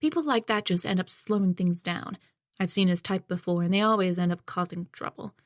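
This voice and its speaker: A woman voicing a gruff middle-aged man who leads a band of survivors, speaking bluntly and dismissively in an audiobook. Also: lowish voice, fairly quick, dry recording, studio quality, close to an everyday voice.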